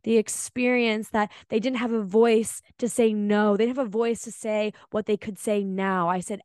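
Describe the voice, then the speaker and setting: A woman's voice: mid-range voice, level tone, moderate pace, hardly any pauses, a little mellow, smooth, no room sound. Heartfelt woman podcaster, dry close sound. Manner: heartfelt, emphatic, occasional swearing. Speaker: podcast host. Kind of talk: reflective podcast monologue.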